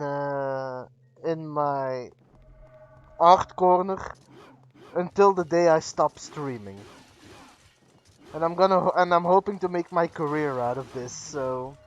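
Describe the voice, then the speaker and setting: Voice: mid-range voice, smooth, highs cut off. A streamer from Belgium, a native Dutch speaker with a Flemish accent, chatting casually and rambling as they answer their viewers. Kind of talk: casual livestream chat with viewers.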